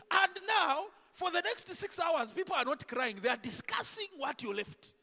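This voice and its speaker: A man preaching a sermon in a church, animated and full of rhetorical questions to the congregation. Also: very high-pitched, normal speed, vocal fry, few pauses. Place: church sanctuary. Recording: echoey church hall.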